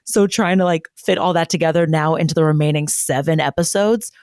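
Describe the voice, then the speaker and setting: A woman's voice: low-pitched, brisk, darkish tone, no room sound, clean studio sound. A woman co-hosting a podcast in casual chat, candid, self-deprecating and long-winded. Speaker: podcast co-host.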